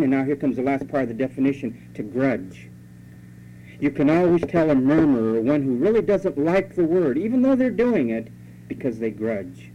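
Man preaching in a scolding, conversational way. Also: on the high side. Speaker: pastor. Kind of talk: sermon. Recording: dull lo-fi recording with faint hum.

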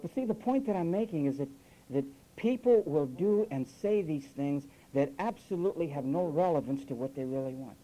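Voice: medium pitch, animated, normal speed, warm tone, low-quality recording. A preacher delivering a sermon with sarcastic asides, mimicking the phrases he criticises. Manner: sarcastic, mocks quoted phrases with acted voices.

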